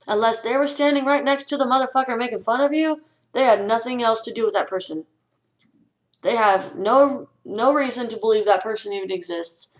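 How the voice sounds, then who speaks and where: A woman's voice: a little high, fairly quick, poor audio. Young woman ranting earnestly to camera. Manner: earnest, ranting, frank with swearing. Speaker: vlogger. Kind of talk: casual vlog advice talk.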